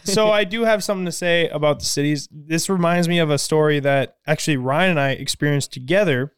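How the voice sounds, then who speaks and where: A man's voice: a little high, fairly quick, smooth, no echo, clean studio sound. A young man, co-hosting a casual chat, telling stories with laughs and casual swearing. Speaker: podcast co-host.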